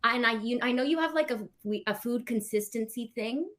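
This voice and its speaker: Higher-voiced actress, chatty and animated, tells anecdotes with quoted lines. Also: female voice, brisk. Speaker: actress promoting a film. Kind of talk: casual playful chat.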